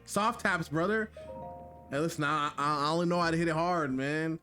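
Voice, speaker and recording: A man streaming a game live, talking to his chat in a jokey, excitable way and repeating himself when flustered. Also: fairly high pitch, moderate pace, faint music behind. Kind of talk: live gameplay commentary.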